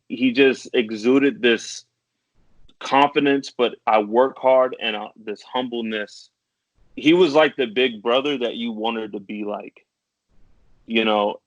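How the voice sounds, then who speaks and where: A man in his thirties co-hosts a podcast in casual, reflective chat, stammering now and then and laughing between thoughts. His voice is medium-pitched and a bit bright, recorded dry and dull with a lo-fi sound and no echo.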